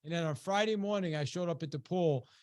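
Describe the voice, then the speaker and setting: A man presenting a webinar, telling a personal story in a lively, conversational way with many restarts. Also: fairly high pitch, brisk, smooth. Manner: animated and conversational, with many restarts and "you know"; acts out quoted voices, rising sharply when quoting a shout. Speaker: webinar presenter and business coach. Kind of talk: motivational storytelling to an audience.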